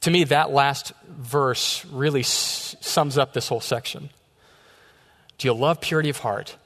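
A man preaching a sermon, telling stories with lively quoted back-and-forth. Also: mid-range voice, measured pace. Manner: storytelling with quoted dialogue. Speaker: pastor. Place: church sanctuary. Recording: long hall reverb.

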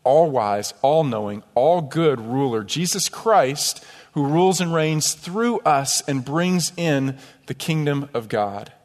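A man's voice: fairly high pitch, animated, takes it slowly, darkish tone. A man preaching a sermon as pastor, telling stories emphatically and tossing in rhetorical "right?" asides. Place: church sanctuary. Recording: long hall reverb.

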